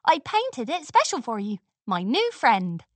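A woman voicing a friendly young filly pony who speaks in a warm, offering way. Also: fairly high pitch, wildly swooping pitch, measured pace, dry recording. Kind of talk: storybook character voice.

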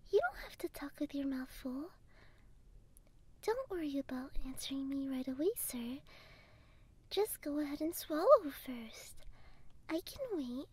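A woman voicing a devoted young female android housekeeper in a soft, deferential whispered role-play. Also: high voice, animated, a little slow, pauses often. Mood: doting.

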